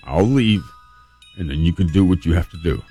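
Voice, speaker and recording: A man recounting a firm, calm cop. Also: low voice, normal speed, breathy edge, soft background music, pitched below the performer's own voice, exaggerated voice. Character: calm male police officer, firm but kind.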